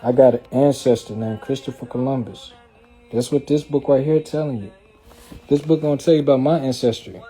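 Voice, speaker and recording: Faint music plays behind a man with a warm, mid-range voice who talks fairly quickly. He's hosting a casual livestream, rambling loosely in a streetwise style with lots of filler asides and regular check-ins with his audience.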